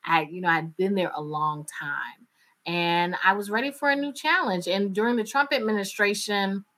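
A radio journalist from North Carolina, with a North Carolina Southern accent, talking candidly and animatedly in an interview, often laughing. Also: female voice, medium pitch, normal speed, sharp tone. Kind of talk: interview conversation.

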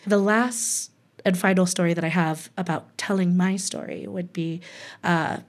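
A woman's voice: on the low side, steady tone, a little slow. A woman from Hawaii telling a personal story in a candid, humorous way, laughing between lines.

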